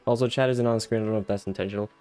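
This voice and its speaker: A man's voice: on the low side, steady tone, racing, mellow, faint music behind. A young man streaming a video game live, talking in a goofy, rambling way that keeps interrupting itself.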